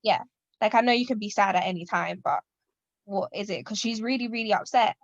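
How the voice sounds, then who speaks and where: A woman's voice: mid-range voice, brisk, dry recording, dull audio. A woman in her twenties co-hosting a podcast, telling a story in a rambling way and acting out what people said. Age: 20s. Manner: rambling, animated, acts out quotes. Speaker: podcast co-host. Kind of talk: casual chat, storytelling.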